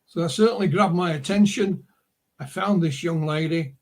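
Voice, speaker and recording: A man's voice: a little high, moderate pace, darkish tone. A middle-aged man, an author and publisher, telling rambling anecdotes as a guest in a casual interview. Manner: rambling anecdotal storyteller, full of asides. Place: remote interview call.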